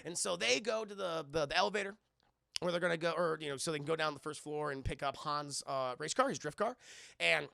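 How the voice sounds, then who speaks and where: A young man streaming a casual, profane scene-by-scene movie recap, acting out characters in quick quoted bits and thanking his chat. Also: on the high side, gravelly, pushed and bright. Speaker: movie reviewer streaming live.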